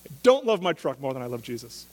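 A man's voice: mid-range voice, big pitch swings, quick pace, a little mellow. Preaching man in a reverberant hall. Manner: conversational preaching with rhetorical questions. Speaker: pastor. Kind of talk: sermon.

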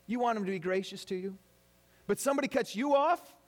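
A man's voice: high voice, brisk, a little mellow. A man preaching a sermon to his congregation, talking animatedly and acting out people's complaints in quoted voices. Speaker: pastor.

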